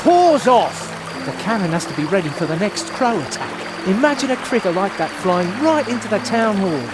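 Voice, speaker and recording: A man voicing a drowsy, excitable night watchman in a video game, swinging between sleepy mumbles and fired-up outbursts. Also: sits high, fairly quick, over music, low-quality recording. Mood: bossy.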